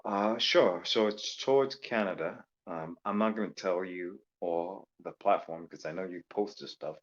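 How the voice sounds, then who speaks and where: Very deep-voiced man rambling on a call. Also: moderate pace, muffled recording. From Louisiana. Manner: rambling, joking, many fillers. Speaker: caller. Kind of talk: casual call-in chat. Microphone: voice call microphone.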